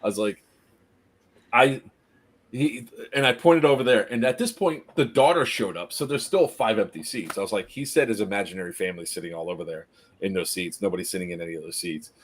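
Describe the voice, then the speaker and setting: A man telling a story casually on a live stream, animated, laughing often and acting out the people in it. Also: lowish voice, fairly quick, husky.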